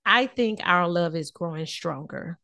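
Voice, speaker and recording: A woman's voice: fairly low pitch, lively intonation, a little slow, gravelly, pushed and bright, no room sound, studio quality. A woman hosting a casual podcast conversation, asking questions in a playful way and laughing often. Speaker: podcast host.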